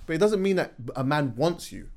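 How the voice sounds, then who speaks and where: A man's voice: on the high side, expressive, fairly quick, darkish tone. A man co-hosting a podcast, explaining his point in chatty casual talk with frequent agreeing interjections. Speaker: podcast co-host.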